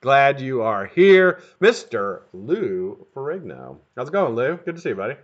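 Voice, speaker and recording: A man's voice: medium pitch, fairly quick. A middle-aged man hosting a casual live stream, greeting viewers one by one and swearing freely. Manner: lively, profane, greets viewers one after another. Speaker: livestream host. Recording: dull lo-fi stream audio.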